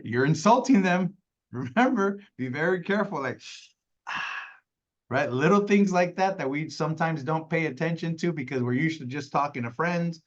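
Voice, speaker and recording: A man's voice: a little high, dull audio. A man leading a casual sales training call, talking conversationally and acting out clients, with many "right?" tags.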